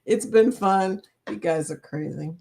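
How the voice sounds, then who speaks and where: A woman with a low, warm voice and some vocal fry chats unhurriedly with her livestream audience. She laughs frequently and refers to her chat as "y'all."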